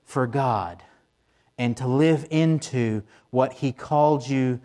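A male pastor delivering a Sunday morning sermon, excited and emphatic, repeating phrases for emphasis. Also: mid-range voice, slow. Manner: excited preaching with repetitions and rising emphasis.

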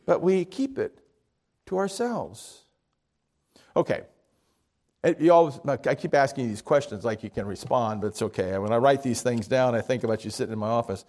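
A man's voice: medium pitch, expressive, moderate pace, a little mellow. A man preaching a conversational sermon, asking his congregation questions and correcting himself as he goes. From Miami area, Florida.

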